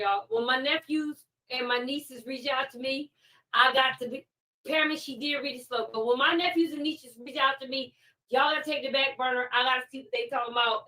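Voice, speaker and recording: A woman's voice: sits high, pushed and bright. A woman hosting a live stream, ranting heatedly in casual commentary and firing off repeated rhetorical questions. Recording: distant mic.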